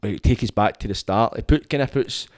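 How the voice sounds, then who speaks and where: A man's voice: lowish voice, a little fast, no echo, clean studio sound. A Scottish man hosting a podcast, rambling and swearing in a casual monologue into his phone. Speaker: podcast host.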